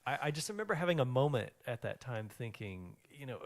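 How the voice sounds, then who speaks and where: A man in his forties, a guest in a casual interview, telling rambling, animated stories with lots of fillers. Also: medium pitch, a little fast, few pauses. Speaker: guest, financial planner.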